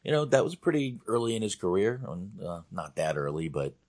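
A man's voice: deep voice, sing-song, brisk, darkish tone. A man hosting a podcast in casual chat, laid-back and agreeable, with hesitant fillers. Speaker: podcast host.

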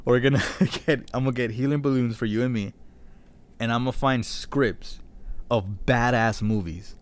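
A man's voice: mid-range voice, steady tone, normal speed. A man co-hosting a casual podcast, teasing, laughing often and reading quiz questions aloud. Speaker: podcast co-host. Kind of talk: casual profane chat.

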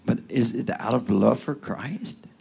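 A man preaching a sermon in a loose, conversational style, tossing asides to the congregation and swinging between loud bursts and near-whispers. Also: medium pitch, measured pace, gravelly, husky. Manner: call-and-response asides, rising to loud bursts then dropping to whispers.

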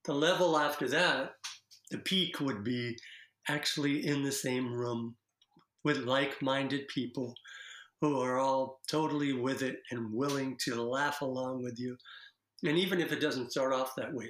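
A man talking casually about laughter practice as a guest, playful and quick to demonstrate laughs. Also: mid-range voice, fairly even intonation, a bit bright, echoey room. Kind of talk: casual interview chat.

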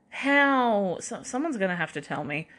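A woman's voice: medium pitch, fairly bright tone. A young adult woman hosting a podcast on her own, rambling in casual chat and laughing at herself often. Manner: rambling, chatty, self-deprecating, laughs often. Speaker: podcast host.

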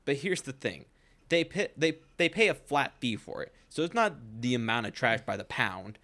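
A man's voice: mid-range voice, very animated, moderate pace, bright, forceful tone. Young man rambling through a story. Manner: rambling anecdote, heavy use of "like", frequent swearing. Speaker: podcast co-host. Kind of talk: casual chat.

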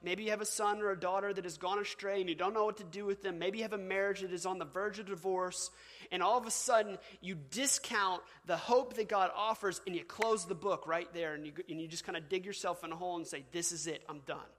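A man's voice: sits high, steady tone, quick pace, a bit bright. A man preaching a sermon as pastor, conversational, with fillers and asides. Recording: long hall reverb.

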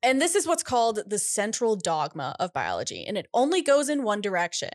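A young adult woman co-hosting a casual science podcast, explaining clearly and laughing easily. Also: medium pitch, huge pitch swings, fairly quick, no room sound, clean studio sound. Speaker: podcast co-host.

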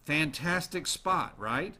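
A man hosting a show, chatting casually to his listeners in an animated way and throwing questions at the audience. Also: fairly high pitch, slow. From United States. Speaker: radio show host.

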